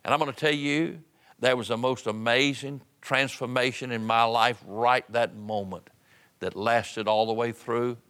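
A middle-aged preacher delivering a sermon with a bright, ringing tone. He drives through rhythmic lists of phrases, then drops to soft, hushed passages. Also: medium pitch, clear, resonant tone.

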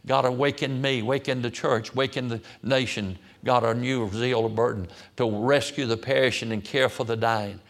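A man's voice: medium pitch, fairly even intonation, normal speed, hardly any pauses. Fervent preacher man. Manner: fervent, pleading, repetitive appeals to God. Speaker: pastor. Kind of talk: sermon with prayer.

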